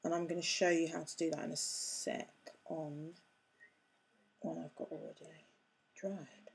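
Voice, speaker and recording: A woman's voice: sits low, little pitch movement, unhurried, slightly rough. Chatty woman demonstrating a craft. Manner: chatty, self-mocking, talks while working with hands. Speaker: craft tutorial host.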